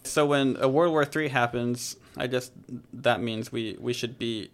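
In an unhurried, mid-range voice, a man hosts a podcast of relaxed Bible talk. He keeps it conversational and joking, and he corrects himself as he goes.

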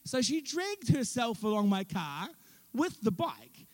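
A man's voice: very high-pitched, big pitch swings, unhurried, noisy background. A young man preaching a sermon in church, telling stories animatedly with self-mocking asides. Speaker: pastor.

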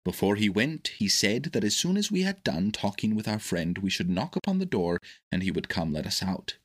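Husky-voiced man reading a storybook. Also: fairly low pitch, brisk. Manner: steady, expressive storytelling. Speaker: storybook narrator. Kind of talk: scripted storybook narration.

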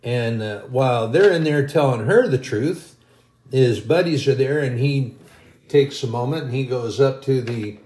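A man's voice: medium pitch, unhurried, a little mellow, roomy sound. A man preaching a sermon, telling a long everyday story in a folksy, rambling way.

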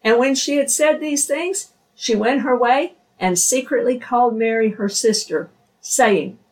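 A woman reading scripture aloud in a slow, measured way. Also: on the high side, a little mellow, distant mic, rough recording. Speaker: scripture reader.

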